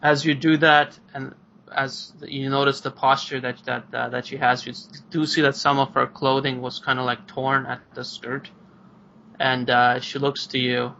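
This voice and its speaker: A man's voice: medium pitch, level tone, normal speed, gravelly, bright, forceful tone, a little hiss or hum. A man narrating a tabletop game as game master, rambling with many fillers, over a video call. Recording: muffled lo-fi online call.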